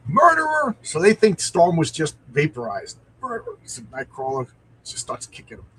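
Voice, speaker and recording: A man's voice: mid-range voice, lively intonation, normal speed, darkish tone, husky, low-quality recording. A man hosting a live stream, reading a comic aloud with enthusiasm and answering viewer comments.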